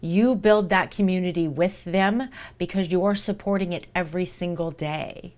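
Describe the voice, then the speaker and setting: A woman's voice: fairly low pitch, moderate pace, a little mellow. A woman streamer chatting casually with her viewers, talking while she eats. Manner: chatty, talks to chat while eating. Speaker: livestreamer. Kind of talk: casual livestream chat.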